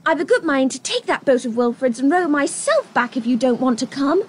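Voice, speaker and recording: A woman's voice: high voice, big pitch swings, a little fast. Anne, an eager young girl. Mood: relieved. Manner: bright, earnest, breathless outbursts. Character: timid young girl Anne, turning brave. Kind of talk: audio drama acting.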